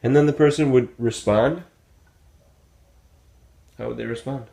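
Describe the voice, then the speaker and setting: A man's voice: medium pitch, measured pace, gravelly, dark tone. A man teaching a language lesson at a whiteboard in a casual, patient way, repeating phrases and checking in with "okay?" and "right?". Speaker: Spanish teacher.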